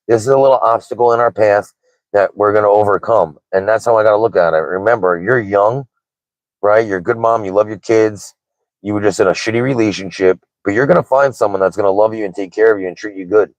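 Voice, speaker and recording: Candid low-voiced man rambling casually. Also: darkish tone, no echo, low-quality recording. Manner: candid, rambling, says "like" and "right?" a lot. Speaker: livestream host. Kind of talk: casual livestream chat.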